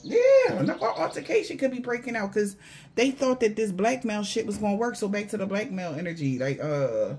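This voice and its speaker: A man's voice: sits high, big pitch swings, normal speed, darkish tone, husky. A man giving a casual spiritual reading to viewers, blunt, profane and mocking, in loose slangy talk. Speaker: spiritual reader.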